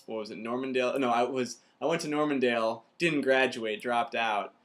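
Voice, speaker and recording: A young man mimicking a dim young woman with slow, vague, backtracking speech. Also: mid-range voice, a bit bright, close to an everyday voice.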